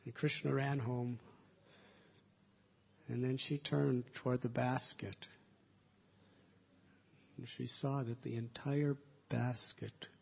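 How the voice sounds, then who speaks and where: A man telling devotional stories as a spiritual teacher, soft-spoken, with slow, drawn-out phrasing. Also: medium pitch, gravelly, breathy edge, muffled recording. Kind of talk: devotional storytelling talk.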